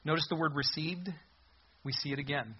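Somewhat high and husky, this pastor's voice is animated as he acts out the characters in the passage during his sermon. He talks a little fast. The audio comes across slightly dull and muffled.

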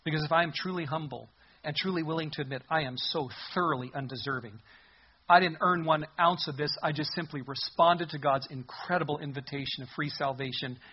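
A man preaching a sermon as a pastor, animated, acting out the voices from the passage as he goes. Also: on the high side, a little fast, slightly rough, dull audio.

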